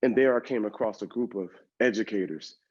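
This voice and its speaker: A man giving a motivational keynote, telling an animated personal story and talking straight to the audience in a conversational way. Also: lowish voice, brisk. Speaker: motivational speaker. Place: event stage. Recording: dull lo-fi recording.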